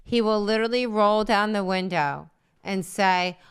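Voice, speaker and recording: A middle-aged woman co-hosting a comedy talk show, agreeable and quick to chime in and tease. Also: mid-range voice, smooth. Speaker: co-host. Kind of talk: casual comedic chat.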